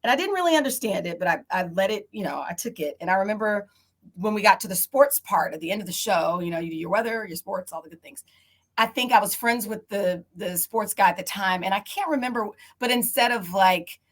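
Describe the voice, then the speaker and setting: A middle-aged woman moderates a panel discussion with a chatty, animated manner. Her pitch sits in an ordinary middle range. She tells stories from her own career with lively turns. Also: brisk. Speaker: panel moderator, TV news anchor.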